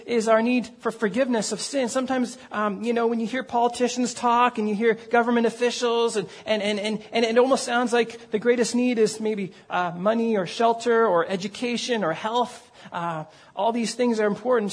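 A man preaching a sermon as pastor, earnest and conversational, with frequent fillers and repeated words. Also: very high voice.

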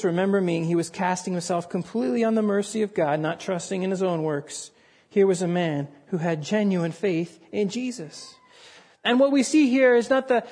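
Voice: medium pitch, a little mellow. A preacher giving a sermon to a congregation, speaking earnestly and with emphasis.

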